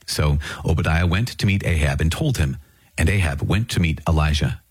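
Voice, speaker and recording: A man reading scripture aloud in a measured, solemn way. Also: rumbling low, slightly rough, no room sound. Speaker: scripture reader.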